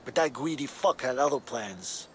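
An actor playing a gruff male criminal in a video game cutscene, speaking tersely like a tough guy. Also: mid-range voice, lively intonation, normal speed, slight background noise, lightly acted.

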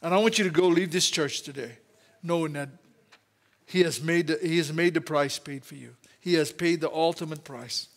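Fervent Louisiana pastor, high voice. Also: male voice, normal speed. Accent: Louisiana Southern. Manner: fervent, exclaiming "praise God" and "hallelujah" often. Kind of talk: Pentecostal-style sermon. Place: church sanctuary.

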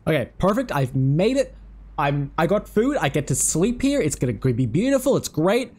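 A man giving casual, excitable commentary on his own game run, swearing freely and chatting to the creatures on screen. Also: on the high side, moderate pace, husky. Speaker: let's play host.

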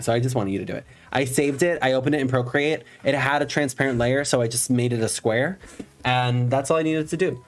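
A man in drag on a live stream, chatting casually and campily with his viewers, swearing playfully at them. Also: mid-range voice.

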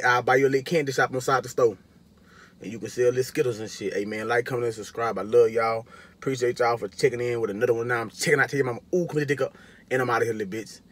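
A man hosting a music reaction video, talking in casual, profane, joking commentary with taunting asides. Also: mid-range voice.

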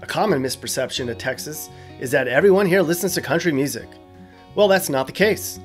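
A man's voice: a little high, animated, a little fast, faint music behind. A man hosting a scripted explainer video, casual and joking with wry asides. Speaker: host.

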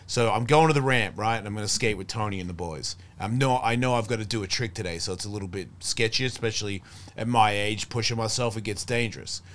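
A man's voice: lowish voice, quick pace, fairly bright tone, slight background noise. Profane storytelling man, middle-aged. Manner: profane, rambling, acts out quoted voices. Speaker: podcast guest. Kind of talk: casual storytelling chat.

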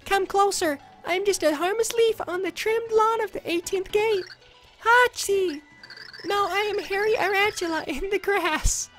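A man voicing a tiny sneaky male tarantula fighter in a video game, squeaky with a put-on Irish lilt. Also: measured pace, fairly bright tone, soft background music.

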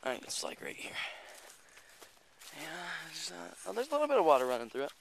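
By a creek in rural hills, a man carries a handheld camera for a casual walking vlog, rambling, swearing often, and making chatty asides as he gets a little out of breath. His brisk voice is on the high side with huge pitch swings and vocal fry, against slight background noise.

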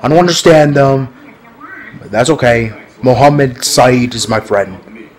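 A man's voice: medium pitch, measured pace, a little mellow, poor audio. A man talking casually to his viewers in a rambling, repetitive vlog, often laughing. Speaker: vlogger.

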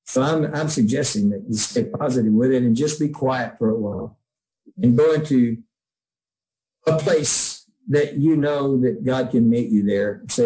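A man's voice: medium pitch, moderate pace, dark tone, poor audio. A man, a songwriter, telling heartfelt stories in a casual interview, rambling with many restarts. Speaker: songwriter guest.

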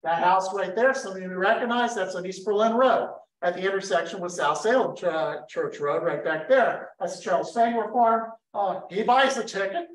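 A man from giving a lively history talk to an audience, telling the story with energy and throwing questions at the room. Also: high-pitched, normal speed, few pauses. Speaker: history speaker. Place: lecture room in a history center. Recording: roomy hall, voice picked up from a distance.

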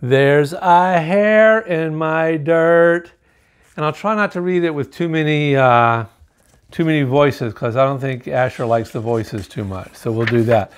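A man reading a children's picture book aloud to kids, lively and showing the pictures as he goes. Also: mid-range voice. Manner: lively, animated storytelling, pausing to show pictures.

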